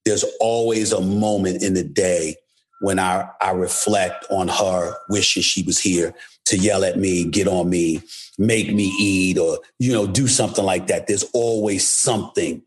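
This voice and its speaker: A man's voice: low voice, steady tone, unhurried, slight background noise. A man from New York City speaking as an interview guest, blunt and emphatic, often repeating his words. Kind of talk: candid interview talk.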